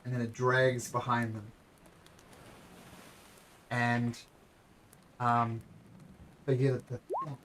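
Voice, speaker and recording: A man's voice: mid-range voice, little pitch movement, fairly bright tone, slight background noise. Man narrating as game master. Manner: descriptive, halting with fillers and restarts.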